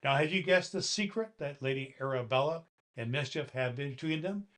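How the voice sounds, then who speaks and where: A man in a Santa Claus role, gently reading a children's story aloud and talking to the boys and girls listening. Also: medium pitch, moderate pace.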